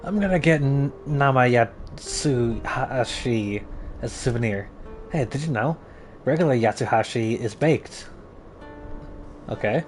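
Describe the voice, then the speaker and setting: A man's voice: mid-range voice, lively intonation, measured pace, pauses often. Young guy, casual gaming commentary, jokey and chatty, light game music under. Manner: chatty, joking, reads game text aloud. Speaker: streamer. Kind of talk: casual let's-play commentary.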